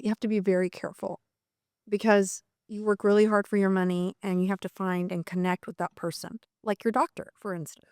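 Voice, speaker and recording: A woman's voice: mid-range voice, darkish tone, smooth, no echo, studio quality. A middle-aged woman from Colombia, chatting enthusiastically as an immigration attorney guest on a podcast. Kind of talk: casual interview chat.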